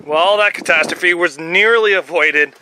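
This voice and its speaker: A man vlogging from his workshop, talking to himself and his viewers in a chatty, excitable way with jokes as he works. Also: sits high, moderate pace. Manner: chatty, excitable, jokey self-talk. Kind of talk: casual workshop vlog. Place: garage workshop. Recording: noisy workshop.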